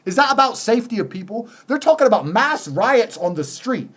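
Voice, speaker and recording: A man as a podcast guest, delivering a forceful monologue full of swearing and rhetorical questions. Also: extremely high pitch, big pitch swings, fairly quick. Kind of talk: heated monologue.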